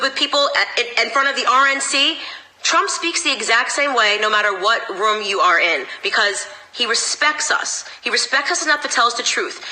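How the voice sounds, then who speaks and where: A woman's voice: a little high, bright, forceful tone, low-quality recording. A woman political commentator talking straight to camera in a sarcastic, emphatic rant.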